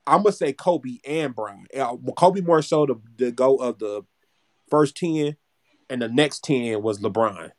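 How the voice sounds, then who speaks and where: A man's voice: mid-range voice, a little slow, a little mellow. A man in his twenties chatting casually as a podcast co-host, rambling, repeating words and swearing freely. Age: 20s. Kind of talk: casual chat.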